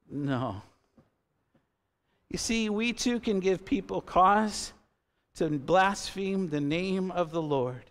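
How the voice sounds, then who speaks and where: A man's voice: high voice, expressive, slow pace, long pauses. A man in his fifties preaching a sermon as pastor in a church, earnest and conversational, with asides to the congregation. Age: 50s. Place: church sanctuary.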